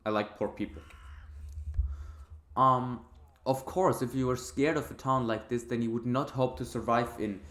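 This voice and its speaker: A man's voice: mid-range voice, echoey room. A man hosting a let's play, reading game text aloud and breaking into casual, swear-filled commentary and laughter. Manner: swears freely, laughs at the story.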